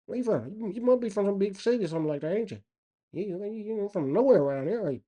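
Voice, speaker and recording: A man's voice: high voice, expressive, quick pace, warm tone, highs cut off, voice pushed up. A man voicing a hostile rural country man who questions a stranger with a drawl, repeating "boy". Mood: suspicious.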